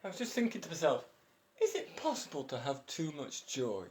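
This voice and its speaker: A man's voice: on the high side, sing-song, brisk, slight background noise. Breathless man in his fifties. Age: 50s. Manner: rambling, chatty, self-described eccentric, chuckles often. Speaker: vlogger. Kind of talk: casual personal monologue. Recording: roomy echo.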